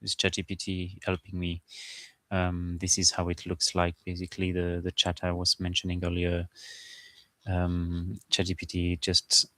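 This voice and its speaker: A man as game master, talking through his game prep in a halting, informal, think-aloud way. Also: sits low, monotone, pushed and bright, dry recording. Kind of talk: casual game prep screen-share.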